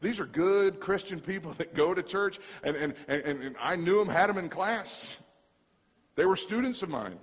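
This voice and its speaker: A man's voice: sits high, normal speed. Man preaching in a reverberant hall. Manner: animated storytelling, repeats words, acts out dialogue. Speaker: pastor. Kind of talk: sermon.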